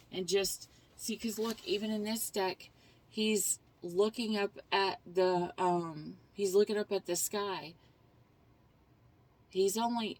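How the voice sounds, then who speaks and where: A woman's voice: medium pitch, a little mellow. A middle-aged woman giving a tarot reading, explaining the cards earnestly in a rambling, casual way with frequent restarts. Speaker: tarot reader.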